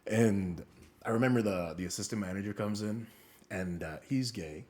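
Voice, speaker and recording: A man's voice: fairly low pitch, normal speed, darkish tone. A young man co-hosting a podcast, telling stories in casual chat, swearing freely and laughing often. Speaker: podcast co-host.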